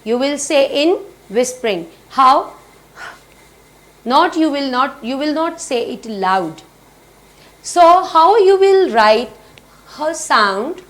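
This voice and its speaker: Woman, phonics teacher, high voice, slow and repetitive, quizzes the children. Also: expressive, a bit bright. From Pakistan. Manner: slow, repetitive, asks and answers own questions.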